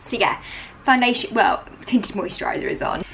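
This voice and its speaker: A young woman talks casually to her camera at home, rambling and poking fun at herself. Her voice sits a little high, with a faint hum of room noise underneath. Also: normal speed, gravelly, fairly bright tone. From England. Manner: chatty, self-deprecating, rambling. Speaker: vlogger. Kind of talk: casual vlog chat to camera. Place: at home indoors.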